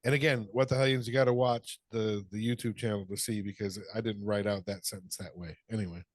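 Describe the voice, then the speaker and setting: A man's voice: lowish voice, fairly even intonation, a little fast, no room sound. A middle-aged man co-hosting a podcast, chatting casually, telling funny stories, laughing and swearing freely. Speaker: podcast co-host. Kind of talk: casual chat.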